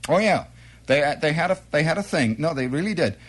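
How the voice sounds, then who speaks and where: Animated rambling male storyteller. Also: fairly quick, husky. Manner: rambling, animated storytelling with sudden high-pitched quoted exclamations. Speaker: comedian. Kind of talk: stand-up monologue with quoted voices.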